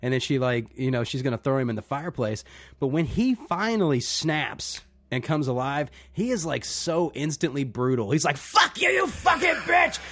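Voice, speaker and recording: A man co-hosting a podcast in casual chat, excitable and emphatic, swearing freely. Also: mid-range voice, moderate pace. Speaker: podcast co-host.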